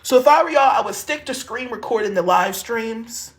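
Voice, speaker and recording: A man's voice: extremely high pitch, expressive, normal speed, a bit bright. A man from Harrisburg, Pennsylvania, ranting into his phone on a live stream, heated and profane. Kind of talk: angry live-stream rant.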